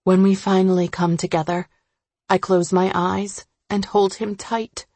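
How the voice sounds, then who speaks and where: Woman narrating a story, measured and dry. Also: mid-range voice, level tone, warm tone, dry recording.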